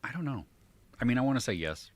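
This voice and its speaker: A man co-hosting a relaxed film podcast, his pitch bouncing around a lot as he talks. He speaks in a playful, self-mocking way, with a medium voice that is neither high nor low. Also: fast talker. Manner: lively, jokey, self-deprecating. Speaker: podcast co-host. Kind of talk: casual chat.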